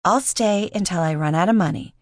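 Woman doing a nervous young woman, hesitant, anxious, low-ish voice, dry, audiobook. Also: fairly quick, dry recording, lightly acted. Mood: guarded. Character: nervous, guarded young woman, new diver. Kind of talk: audiobook character voice.

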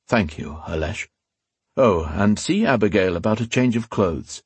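A man voicing a powerful, weary old male ruler who speaks in a grave, measured way and sometimes growls. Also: on the low side, lively intonation, breathy edge, no room sound, full character voice.

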